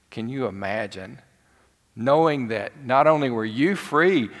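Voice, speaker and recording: A male pastor delivering a relaxed, conversational sermon, leaning on rhetorical questions and small fillers. He speaks at an unhurried pace in a mid-range voice. The live broadcast carries the long reverb of a church sanctuary. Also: medium pitch.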